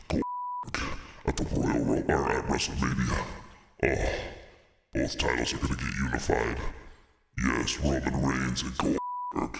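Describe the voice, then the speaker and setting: A man voicing a gleeful, gloating old male wrestling boss in a deep demon voice with a reverb effect. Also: full character voice. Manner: slow, gleeful, gravelly drawl. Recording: echoey long reverb.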